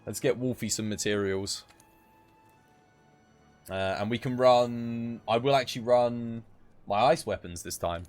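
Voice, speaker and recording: A man's voice: mid-range voice, unhurried, pauses often, soft background music. A tired man, chatting casually while live-streaming a game and giving gear advice. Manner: chatty, laid-back, gives gear advice.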